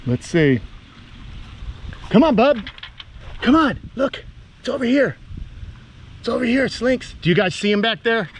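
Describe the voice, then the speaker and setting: A man vlogging outdoors, coaxing a big lizard along in a sing-song voice and talking excitedly to his viewers. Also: very high voice, measured pace, long pauses, a little hiss or hum. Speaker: reptile keeper vlogger. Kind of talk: excited outdoor vlog narration. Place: outdoors on a property.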